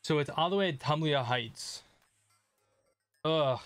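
A man's voice: fairly high pitch, a little slow, fairly bright tone, clear, resonant tone, dry recording, soft background music. Rambling, swearing male game streamer. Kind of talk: casual gameplay commentary.

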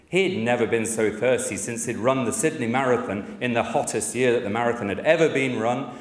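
A man giving a conference talk about a cancer support service, opening with a humorous story, then reflecting with frequent fillers. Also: medium pitch. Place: conference hall. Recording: echoey conference hall.

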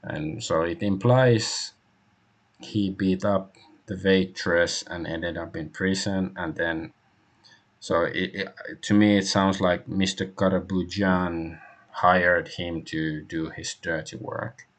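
A man's voice: low-pitched, fairly even intonation, slow pace. A man streaming an old adventure game, musing aloud in hesitant, rambling casual commentary.

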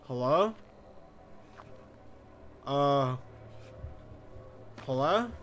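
Excitable, foul-mouthed gaming commentator man. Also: medium pitch, drawn-out words. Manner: profane, excitable, talking to himself. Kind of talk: let's play commentary.

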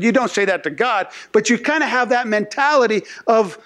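A man's voice: high-pitched, animated, brisk, hardly any pauses, a bit bright. A male pastor giving a conversational sermon who acts out short voices and often repeats words as he talks.

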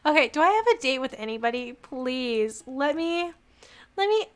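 A young woman streaming a game live, reacting in an excitable, giggly way and reading the game's text aloud. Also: high-pitched, normal speed.

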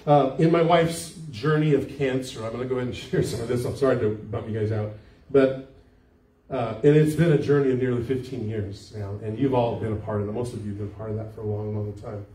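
A man's voice: mid-range voice, fairly even intonation, fairly quick, dark tone. An older man, a pastor, giving a conversational sermon and putting questions to the congregation. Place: church sanctuary. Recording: echoey church hall, mic from far off.

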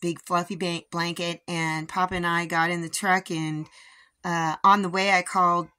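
This is a middle-aged woman vlogging from her homestead, her voice a little hoarse. She chats casually, meandering with plenty of ums. Her tone is bright and forward. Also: fairly low pitch, flat delivery, moderate pace. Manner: chatty, rambling with many fillers. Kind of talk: casual chat.

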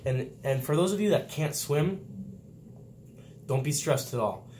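A young man who is a Navy sailor, chatting casually and telling boot camp stories with lively, laughing delivery. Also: fairly high pitch, a little slow, a little hiss or hum. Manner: animated storytelling, laughs often, acts out quotes loudly. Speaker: vlog host, Navy sailor. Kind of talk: casual chat.

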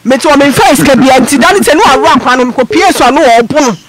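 A Ghanaian woman speaks fast and very high, insisting on her innocence with emphatic repetition. The crowd noise of a busy radio line sits clearly behind her. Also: expressive.

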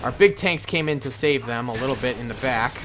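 A man hosting a gaming channel, giving casual commentary on a strategy game and reacting out loud to the action as he plans. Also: mid-range voice, a little fast, music in the background. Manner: excitable, reacts aloud to the action, casual slang; thinks aloud with fillers while planning.

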